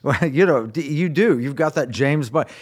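A man's voice: a little high, lively intonation, normal speed, slightly rough. A man hosting a radio talk show, speaking with enthusiasm as he reads quotes aloud and introduces his guest.

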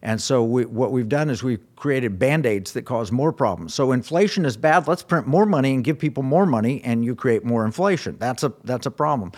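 A man's voice: medium pitch, expressive, fairly quick, few pauses, a little mellow. A man hosting a radio talk show, chatting casually and reading quoted passages aloud with asides.

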